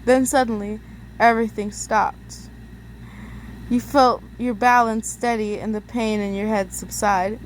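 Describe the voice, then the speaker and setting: A young woman reads second-person fan fiction aloud in a fairly high voice. She is casual and laughs at her own stumbles. A faint hiss of noise runs under the recording. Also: steady tone, measured pace. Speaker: story reader. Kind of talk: amateur fan-fiction reading.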